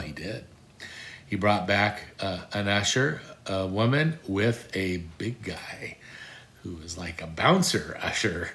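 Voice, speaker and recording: Older man, lowish voice, relaxed storyteller, dry self-mocking humor, lots of ums and restarts. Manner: wry, self-deprecating, many fillers and restarts. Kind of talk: casual anecdote.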